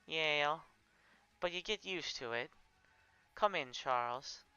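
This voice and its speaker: A man voicing a kind, hulking warrior woman with a Southern US accent and a gentle, soothing manner. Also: a little high, slow, clear, resonant tone, no room sound, lo-fi sound. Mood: consoling.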